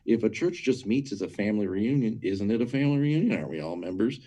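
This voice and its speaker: Guy on an interview show, kinda low warm voice, preachy but conversational, repeats himself a lot, keeps saying right?. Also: expressive, fast talker, husky. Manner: emphatic, repeats words when building a point; asks listeners rhetorical questions. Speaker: guest speaker on church matters.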